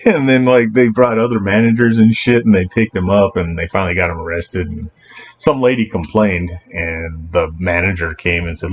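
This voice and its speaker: Male podcast co-host, very low voice, blunt and profane, dull lo-fi audio. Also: steady tone, normal speed, a little hiss or hum. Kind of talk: casual chat.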